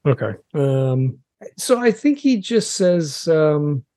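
A man's voice: on the high side, big pitch swings, dark tone, no echo, clean studio sound. Hesitant New York man playing a tabletop game. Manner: hesitant, halting, lots of restarts. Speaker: player.

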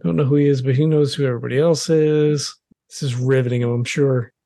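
A man with a New York accent playing a tabletop role-playing game, talking in a hesitant, halting way. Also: mid-range voice, fairly even intonation, warm tone, no echo, clean studio sound. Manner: hesitant, halting, lots of restarts. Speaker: player.

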